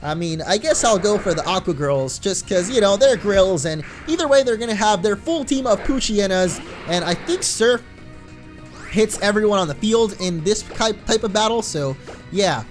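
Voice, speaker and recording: A man hosting a let's play, giving casual gameplay commentary in a chatty, excitable way and laughing often. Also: high-pitched, normal speed, faint music behind.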